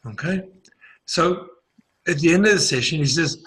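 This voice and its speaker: A man's voice: a little high, moderate pace, fairly bright tone, husky, rough recording. A man with a New Zealand accent chatting casually, telling a story in a rambling way with many restarts and fillers. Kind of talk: casual conversational chat.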